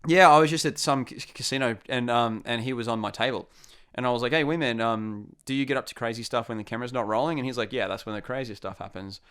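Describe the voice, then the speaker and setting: Young Australian man, smooth and clear tone, casual animated storyteller who acts out the quotes. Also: mid-range voice, fast. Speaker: storyteller guest. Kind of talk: casual anecdote.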